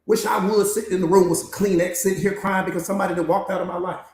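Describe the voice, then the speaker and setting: A coach with a fairly high, slightly mellow voice gives a motivational master class, preaching emphatically and hammering points home through repetition. He talks quickly with fairly even intonation. The roomy recording has noticeable echo and a little hiss or hum.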